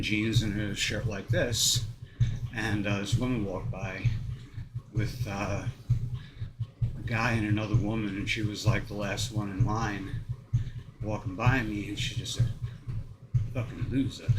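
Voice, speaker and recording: A man's voice: on the low side, noisy background. An American man talking casually while walking on a treadmill, rambling and profane, with lots of fillers and short laughs. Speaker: vlogger. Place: home treadmill.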